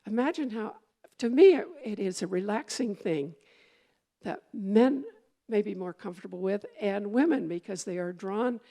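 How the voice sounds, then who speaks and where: A woman's voice: medium pitch, moderate pace, vocal fry, warm tone. A woman minister giving a conversational sermon, meandering, with fillers and restarts as she goes.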